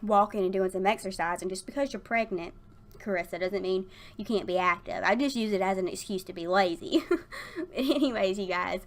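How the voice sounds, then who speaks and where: A woman's voice: medium pitch, brisk. Young woman rambling over her sims build, giggly and kinda out of breath, lots of likes and ums. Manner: chatty, giggly, rambling with many fillers. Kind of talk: casual voiceover chat. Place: at her desk at work.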